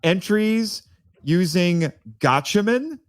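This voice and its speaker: A man chatting as a podcast guest, animated and quick to laugh, often stumbling and restarting his words. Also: sits high. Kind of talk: casual chat.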